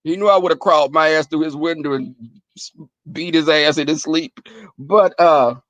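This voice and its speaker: A man with a slightly high voice hosts a live stream, talking at a moderate pace as he casually shares stories with chat, swearing freely, animated, and frequently cracking up. The lo-fi audio has no room sound.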